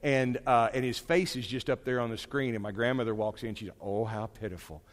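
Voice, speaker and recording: A man teaching a Bible class in a casual, conversational way. He is animated and digressive, with frequent asides and restarts. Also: mid-range voice, brisk, long reverb tail.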